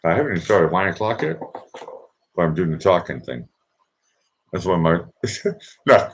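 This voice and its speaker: A man's voice: deep voice, lively intonation, moderate pace, a little hiss or hum. A man from Boston with a Boston accent, hosting his own livestream show in a casual, joking, rambling way full of fillers. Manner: chatty, joking, meandering with many fillers. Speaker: livestream host. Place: indoors in Vienna.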